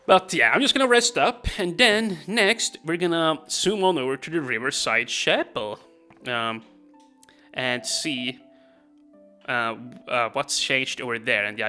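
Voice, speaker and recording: Bright-voiced man commenting on a game. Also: medium pitch. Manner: chatty, rambling, laughs often, hesitant fillers. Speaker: let's play commentator.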